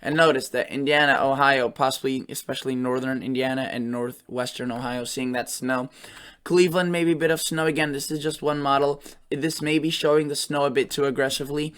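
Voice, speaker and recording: A man walks through the weather models in a casual, thinking-aloud way. He often stops and restarts a phrase, and his pitch sits in the middle range for a man. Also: steady tone, a little fast, a bit bright. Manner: loose and thinking aloud, often correcting himself mid-sentence. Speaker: weather forecaster and channel host. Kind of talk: casual forecast commentary over weather model maps.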